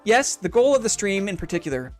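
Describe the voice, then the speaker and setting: A man's voice: high-pitched, big pitch swings, fairly quick, faint music behind. A man chatting casually on a live game stream, upbeat and reflective, rambling through his thoughts in a friendly way.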